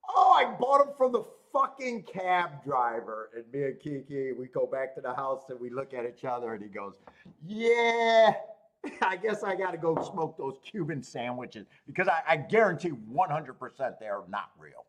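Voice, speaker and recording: A man's voice: mid-range voice, big pitch swings, normal speed, a bit bright. A man in his thirties hosting a live stream, chatting casually, swearing freely and rambling with frequent laughs. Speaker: host of a live streaming show. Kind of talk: casual chat reading live chat.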